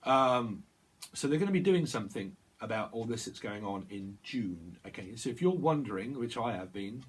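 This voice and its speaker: A husky-voiced man delivers a tarot reading. His talk wanders and loops, with repeated phrases, half-finished sentences and quick self-corrections. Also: mid-range voice, expressive. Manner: rambling, self-interrupting, repeats words, laughs at himself. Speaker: tarot reader. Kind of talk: rambling tarot reading monologue.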